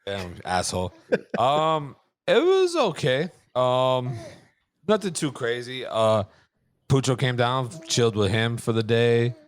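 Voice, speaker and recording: A man co-hosting a podcast, telling relaxed, joking anecdotes in casual chat. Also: medium pitch, slow pace, clean tone. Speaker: podcast co-host.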